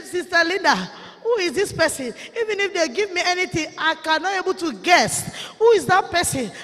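Impassioned Nigerian woman preaching in a hall. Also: extremely high pitch. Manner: impassioned, shouting and weeping at peaks, scolding. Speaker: preacher giving a testimony. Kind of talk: emotional testimony sermon. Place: large conference hall. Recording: echoey hall reverb.

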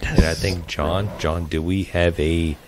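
Deep-voiced man in casual podcast banter. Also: steady tone, unhurried, background noise. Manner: rambling, self-correcting, swears while laughing. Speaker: podcast co-host. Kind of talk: casual chat.

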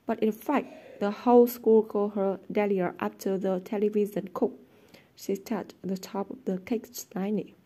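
A woman narrating a children's novel aloud in a steady, even storytelling manner. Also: mid-range voice, measured pace. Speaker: audiobook narrator. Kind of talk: scripted narration.

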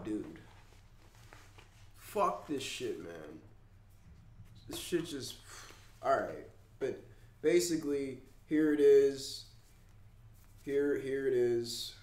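A man vlogging in an emotional rant, congested and upset, swearing and swinging between loud outbursts and low mumbles. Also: a little slow, pauses often, roomy sound, a little hiss or hum. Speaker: YouTuber.

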